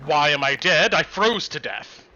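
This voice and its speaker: A man's voice: a little high, lively intonation, measured pace, vocal fry, sharp tone, highs cut off, heavily acted. A man voicing the ghost of a woman who froze to death, now possessing a party member, weary and blunt.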